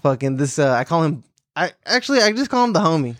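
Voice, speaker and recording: A man hosting a podcast from a room in his home, talking in an excited, slangy way with lots of swearing. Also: fairly high pitch, quick pace, no echo, studio quality. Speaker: podcast host. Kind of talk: casual chat.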